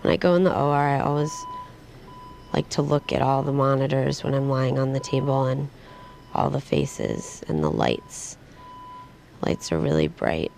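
A young woman recording a reflective audio diary in a hospital room, speaking quietly and matter-of-factly. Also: rumbling low, expressive, moderate pace, creaky, a little hiss or hum. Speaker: patient keeping an audio diary.

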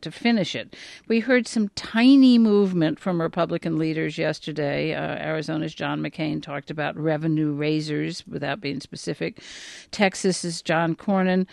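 An older woman giving measured political analysis on a radio news program, explaining with frequent pauses. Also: sits low, vocal fry, no echo, clean studio sound. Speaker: political commentator.

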